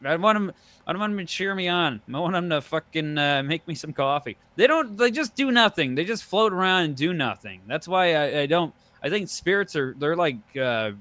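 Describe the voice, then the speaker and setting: A man's voice: fairly high pitch, lively intonation, brisk, sharp tone, dry recording. A man co-hosting a podcast in casual comedic chat, crude and joking, riffing on silly bits. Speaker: podcast co-host.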